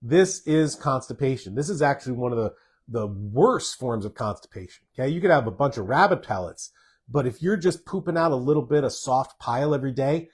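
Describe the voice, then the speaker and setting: In a live Q&A, a male doctor reads viewer comments aloud and answers each one in a plainspoken, direct way. His voice is on the high side with a slight roughness.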